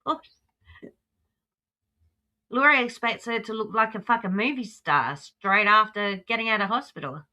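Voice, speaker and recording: A woman's voice: medium pitch, a little fast, hardly any pauses, bright, forceful tone. An Australian woman hosting a livestream, chatting casually and talking back at the clip she reacts to. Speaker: livestream host.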